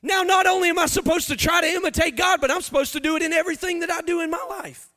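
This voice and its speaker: A man in his thirties with a drawl preaches a confessional sermon. His voice sits very high and rings bright and forceful, swelling into loud, half-sung emphasis as he presses each point. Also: steady tone, quick pace. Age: 30s.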